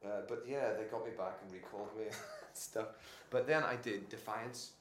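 A man, an actor and podcast guest, telling casual anecdotes in an animated way, laughing often and restarting his sentences. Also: on the low side, moderate pace. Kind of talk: casual anecdotal interview chat. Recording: echoey room with faint noise.

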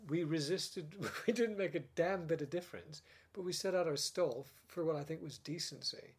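An older British man, a former script editor, telling stories in a casual interview with lively laughs and frequent restarts. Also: on the high side, normal speed, husky. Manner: animated storyteller, laughs often, many restarts.

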